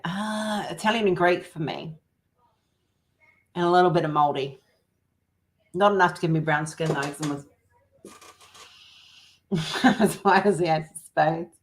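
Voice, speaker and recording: A woman from New Zealand with a New Zealand accent, chatting casually on a livestream, rambling and laughing often. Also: sits low. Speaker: livestream host. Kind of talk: casual chat.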